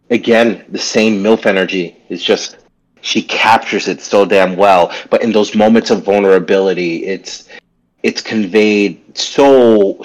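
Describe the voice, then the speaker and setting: A man's voice: sits low, low-quality recording. A man co-hosting a podcast, talking in a laid-back way with many fillers and casual swearing. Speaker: podcast co-host.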